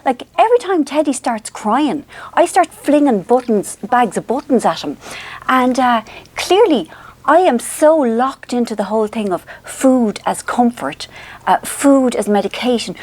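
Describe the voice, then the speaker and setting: A middle-aged Irish woman chatting to camera at home, animated and self-mocking. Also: fairly high pitch. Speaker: vlogger. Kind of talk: casual chat to camera.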